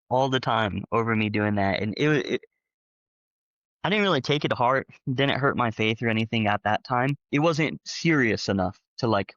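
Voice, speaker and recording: A man talks through a long personal story in a loose, rambling way, full of fillers and animated asides. His voice sits at a middling pitch. The sound is dry, with a slightly dull, lo-fi quality. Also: no echo. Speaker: panel guest, former church member. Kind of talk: casual conversational storytelling.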